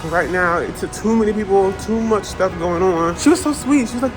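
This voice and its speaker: A man's voice: high voice, moderate pace, music in the background. A young man vlogging casually, chatty and playful, often laughing through his asides while he walks around and eats. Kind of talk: casual vlog chat. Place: outdoors in a city park and in a car.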